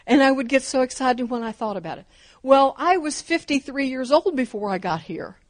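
A woman's voice: sits high, sing-song, moderate pace. A woman in her fifties or older preaching a sermon, fervent and emphatic, driving her points home with repeated phrases.

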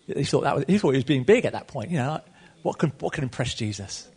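A middle-aged man preaching a sermon, telling the story in a lively way with asides to the congregation. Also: medium pitch, fast talker, breathy edge.

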